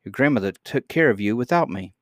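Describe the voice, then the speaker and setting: A man's voice: medium pitch, lively intonation, fairly quick, no echo, clean studio sound, lightly acted. A man voicing an earnest, impulsive young miner boy in a read-aloud storybook.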